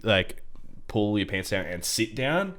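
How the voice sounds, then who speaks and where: A man's voice: lowish voice, measured pace. Rambling New man telling stories. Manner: rambling storyteller, animated when annoyed. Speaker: podcast co-host. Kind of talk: casual chat.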